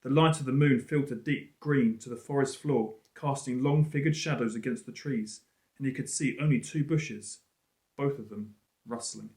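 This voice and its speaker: A male teacher reading a storybook aloud in an expressive, lively way. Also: medium pitch. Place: school room. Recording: roomy echo.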